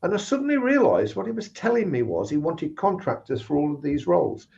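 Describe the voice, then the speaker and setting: A man's voice: a little high, sing-song, brisk, gravelly, darkish tone. Chatty man telling work stories. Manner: anecdotal, acts out quoted voices. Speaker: guest speaker on recruitment. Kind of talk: storytelling in casual chat. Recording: slightly dull lo-fi sound.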